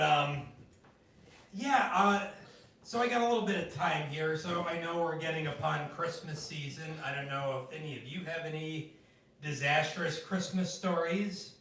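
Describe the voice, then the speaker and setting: A man doing stand-up at an open mic, telling stories in an animated way and jumping into high voices for the people he quotes. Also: slight background noise. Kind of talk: stand-up storytelling. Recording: echoey room, from a distance.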